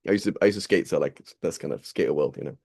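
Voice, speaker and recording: Fast-talking, chatty male teacher, dark voice. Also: a bass voice, creaky, slightly rough. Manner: chatty, rambling, asks students rhetorical questions. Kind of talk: casual classroom reading and explanation.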